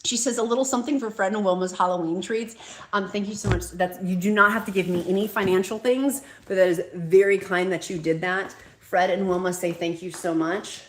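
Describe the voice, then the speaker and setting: A woman's voice: medium pitch, steady tone, fairly quick. A woman, hosting a live stream from home, chatting casually and reading viewer comments aloud in a gushing, talkative way. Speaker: host of a live weight loss stream. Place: room at home. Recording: echoey room, faint noise.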